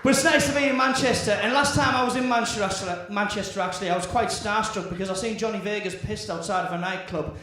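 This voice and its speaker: A man's voice: high-pitched, quick pace, hardly any pauses, bright, forceful tone. A man doing stand-up comedy on a club stage, chatty and self-deprecating. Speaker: stand-up impressionist. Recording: echoey comedy club, live.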